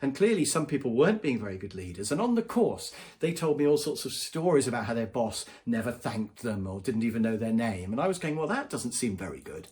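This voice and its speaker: A man's voice: mid-range voice, sing-song, fairly quick, few pauses, darkish tone. A man, a business trainer, giving advice straight to camera in a conversational way. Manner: conversational, acts out quoted voices. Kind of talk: direct-to-camera advice vlog.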